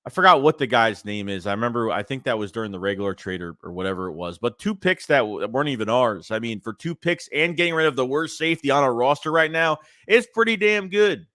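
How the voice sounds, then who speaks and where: A man with a stuffy nose hosting a casual sports livestream, rambling and animated as he reads chat messages aloud. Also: medium pitch, quick pace, few pauses, dry recording, clean studio sound. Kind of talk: casual live-chat commentary.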